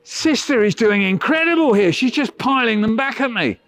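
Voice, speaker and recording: A man's voice: very high-pitched, expressive, normal speed, a bit bright, no room sound. A man leading a school workshop for children over a video call, telling playful stories and teasing them in a theatrical, mock-huffy way. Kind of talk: playful storytelling talk to children.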